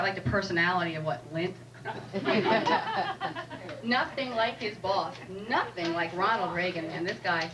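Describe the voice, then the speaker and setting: A woman doing a stand-up comedy set in a club, chatty and wry, teasing the audience. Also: mid-range voice. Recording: live room recording from a distant mic with audible noise.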